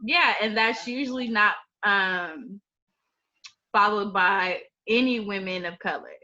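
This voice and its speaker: Thoughtful bright-voiced woman podcast guest. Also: medium pitch, highs cut off. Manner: thoughtful, measured, earnest. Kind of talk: casual podcast chat.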